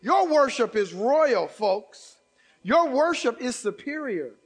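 High-voiced man preaching a fervent sermon. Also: sing-song, slow pace, husky. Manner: rising to shouted exhortation, repeating phrases. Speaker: pastor.

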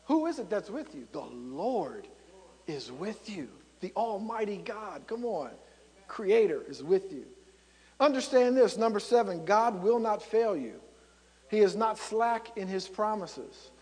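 High-voiced rousing preacher man, echoing hall. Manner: rousing, calls to the congregation. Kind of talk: sermon.

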